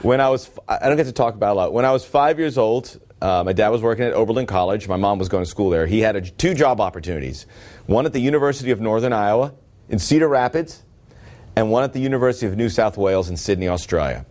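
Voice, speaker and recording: A middle-aged man on a sports radio show, chatting loosely and cracking jokes at his own expense. His voice sits on the low side and often drops further as he trails off. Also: expressive, quick pace, a little mellow. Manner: self-deprecating, joking, loose. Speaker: radio co-host. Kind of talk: casual chat.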